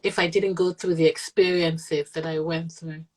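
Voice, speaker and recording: A woman's voice: low voice, level tone, normal speed, darkish tone, poor audio. A middle-aged woman, a mother, talking earnestly and reflectively in an interview. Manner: earnest, reflective, voices others in quotes. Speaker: guest, mother of an autistic child. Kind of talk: candid conversational interview.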